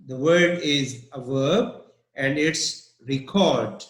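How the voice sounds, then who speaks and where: A male English teacher speaking at a very slow, careful pace, repeating each word several times so his students can hear it. His voice sits a little high. The sound carries a noticeable room echo. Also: animated. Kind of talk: online vocabulary lesson.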